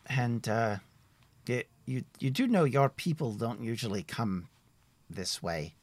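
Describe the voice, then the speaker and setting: A man narrating as game master of a tabletop role-playing game, relaxed and meandering. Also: medium pitch, a little slow, no echo.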